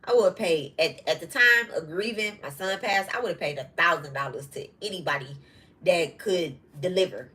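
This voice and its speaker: A woman's voice: lowish voice, normal speed, pushed and bright, rough recording. A middle-aged woman hosting a podcast, telling a personal story in a frank, profane, casual way and breaking off to address viewers. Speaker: podcast host.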